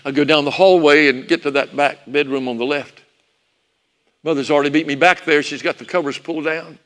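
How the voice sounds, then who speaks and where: A man's voice: a little high, steady tone, brisk, a bit bright. A preacher telling a sermon story, reminiscing about his parents. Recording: long hall reverb.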